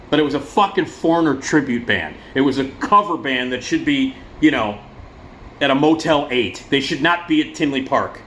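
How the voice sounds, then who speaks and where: A man giving a casual vlog rant, profane and sarcastic, in an animated ranting manner. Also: mid-range voice, slight background noise. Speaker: vlogger.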